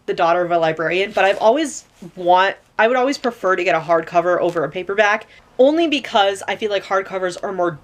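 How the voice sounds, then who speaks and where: A young woman chatting casually at home in a haul vlog, rambling with lots of fillers and casual swearing, recorded on a camera mic. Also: medium pitch. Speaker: vlogger. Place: home room.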